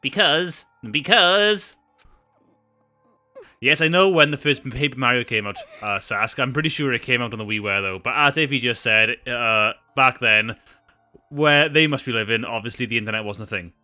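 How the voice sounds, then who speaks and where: A man's voice: mid-range voice, moderate pace, sharp tone, soft background music. A male streamer chatting casually, often stumbling over his words, and reading out story narration for a game. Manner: self-deprecating, stumbling.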